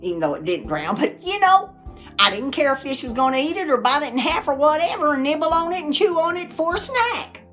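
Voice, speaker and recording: A middle-aged woman, telling folksy stories to camera in a chatty, animated way and laughing often. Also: high voice, a little fast, faint music behind. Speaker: vlogger.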